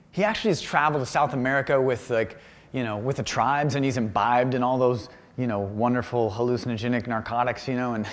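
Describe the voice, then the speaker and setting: A man giving a humorous public talk about his paintings in a university auditorium, animated and self-deprecating. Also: medium pitch, long reverb tail. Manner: animated and self-deprecating, acts out quoted voices. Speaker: visiting artist giving a lecture.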